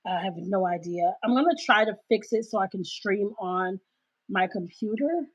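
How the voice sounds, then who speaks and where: A woman hosting a casual livestream, talking loudly and emphatically into her cell phone. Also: mid-range voice, normal speed, breathy edge. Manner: loud, emphatic, ranting. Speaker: livestream host. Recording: dull cell-phone recording.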